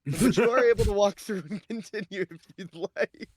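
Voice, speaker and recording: A man with a high, slightly mellow, husky voice runs a tabletop role-playing game as game master. He narrates scenes and talks with his players, painting descriptions and slowing down for dramatic moments.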